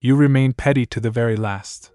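A man's voice: mid-range voice, fairly even intonation, fairly quick, dark tone, no room sound, close to an everyday voice. A man voicing a haughty sorcerer who serves as the emperor's messenger, disdainful and cutting in every line.

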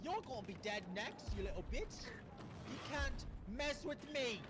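A man's voice: very high-pitched, animated, moderate pace, over music. A man playing a shooter game with his wife, furiously trash-talking and cursing at his opponents. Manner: furious, profane taunting. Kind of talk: angry trash talk during gameplay. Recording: loud game noise behind.

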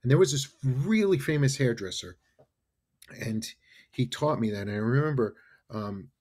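Husky-voiced man telling animated stories. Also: mid-range voice, normal speed. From New York. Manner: animated storyteller, keeps adding "right?" and "you know". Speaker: podcast guest, entrepreneur. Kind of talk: casual storytelling interview.

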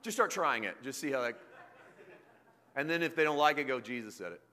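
A male preacher with a bright, forceful voice, delivering a sermon. He moves from loud, emphatic declarations to low, joking asides with his congregation. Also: lively intonation, a little fast. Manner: jokey, self-deprecating with the congregation.

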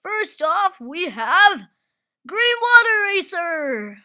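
A woman calls a home-made toy race with excitable, exclamation-heavy commentary. Her voice is very high and bright, with lively ups and downs, and she talks at an unhurried pace.

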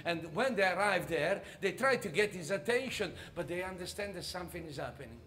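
A man telling a comic story on stage, animated and halting, often laughing as he goes. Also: high-pitched, slight background noise. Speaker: stage performer.

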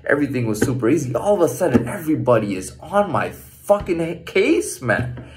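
A man in his thirties tells a story from his own life in a loose, rambling way. His pitch swings up and down with animation, and his speech is peppered with swearing and "like" fillers. The tone stays casual and conversational throughout. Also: very animated, moderate pace. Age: 30s. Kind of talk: casual personal storytelling monologue.

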